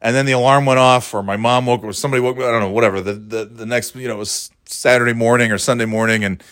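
A man's voice: medium pitch, steady tone, fast, fairly bright tone, no echo. A man spins a loose, rambling yarn, backtracking mid-sentence and breaking into laughter along the way. His voice sits in an ordinary middle register. The recording is dry and close, with no room sound. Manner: rambling, self-interrupting, laughs often. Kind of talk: casual storytelling monologue.

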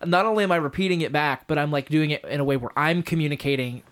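A man's voice: a little high, quick pace, fairly bright tone. A middle-aged man explains a communication method on a podcast in plain steps. He keeps it casual and jokes at his own expense now and then. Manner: explains step by step, self-deprecating humor. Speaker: marriage communication teacher.

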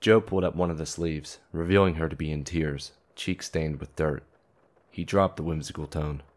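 A man narrating a drama in a measured storytelling manner. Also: very deep voice, fairly even intonation, a little mellow. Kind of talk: scripted narration.

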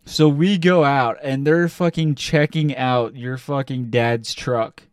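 A young man co-hosting a casual podcast, telling a story with lots of swearing and loud acted-out quotes. His voice is smooth and clear. He sits a little back from the mic in a dry room. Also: medium pitch, slow pace, no room sound, far from the mic. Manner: animated, profane, acts out quotes loudly. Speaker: podcast co-host.

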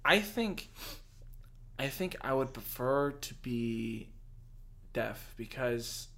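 Man, podcast co-host, lively pitch, casual and profane. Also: slow pace, vocal fry. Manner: excitable, swearing, says "dude". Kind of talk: casual chat.

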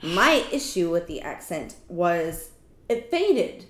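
A woman co-hosting a podcast, chatting casually about a book in an animated, often laughing way. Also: lowish voice, slow. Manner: laughing, animated, self-teasing. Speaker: podcast co-host. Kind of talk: casual book-club chat. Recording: echoey room.

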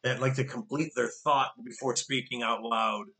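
A man's voice: mid-range voice, steady tone, normal speed, creaky, sharp tone. A middle-aged man co-hosting a casual political chat show, with sarcastic, mocking asides. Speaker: co-host.

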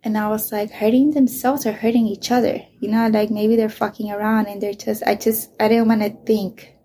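Middle-aged woman, mother, candid personal storytelling, dark mellow tone, flat delivery, swearing, breathy whispers. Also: mid-range voice, a little hiss or hum.

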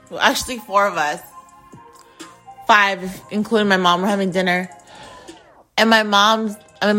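A young woman hosting a podcast shares a personal story in a mid-range, fairly bright voice. She's candid, emotional and profane, with lots of filler words.

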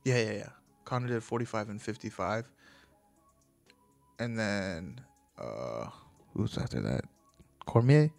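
A man's voice: lowish voice, expressive, measured pace, gravelly, long pauses, a little mellow, faint music behind. A man talking casually as a host, rambling and swearing, often stopping to correct himself. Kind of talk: casual chat about fights.

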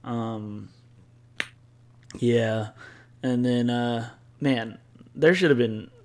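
Young co-host, gravelly voice, teasing and laid-back. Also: male voice, medium pitch, extremely slow. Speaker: podcast co-host. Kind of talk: casual sports chat.

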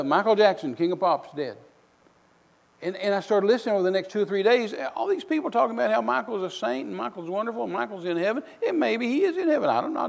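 A male missionary preacher delivering a sermon, telling folksy stories with bursts of loud outrage. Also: sits high, vocal fry, big-room sound.

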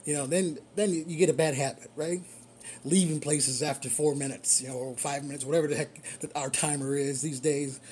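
Warm-voiced man telling a driving story. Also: fairly high pitch, brisk, slight background noise. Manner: animated, chuckles often. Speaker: rideshare driver. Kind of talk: casual storytelling.

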